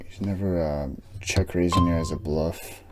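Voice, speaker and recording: Low-pitched guy mumbling poker analysis to himself, super loud keyboard clacking right by the mic. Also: fairly even intonation, normal speed, heavy background noise. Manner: mutters hand analysis to himself, trailing off. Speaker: online poker player streaming a session. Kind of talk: casual thinking aloud while playing. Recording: loud keyboard clicks and typing.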